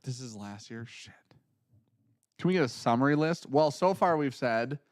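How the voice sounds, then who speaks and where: A man's voice: medium pitch, moderate pace, no room sound, studio quality. Man animatedly telling stories, casual. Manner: animated storyteller, acts out quotes. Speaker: podcast co-host. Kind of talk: casual chat.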